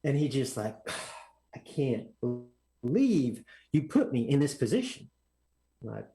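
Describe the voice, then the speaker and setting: A man telling a story as a podcast guest, animated and acting out other people's lines in a raised voice. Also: mid-range voice, moderate pace, rough recording. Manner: animated, acts out quotes in raised voice. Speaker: guest drag racer. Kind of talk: casual storytelling.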